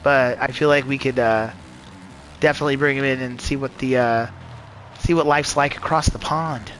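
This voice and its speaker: A man streaming a racing game live, talking in a rambling, profane and excitable way. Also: mid-range voice, moderate pace, a little hiss or hum, rough recording. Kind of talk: live gameplay commentary.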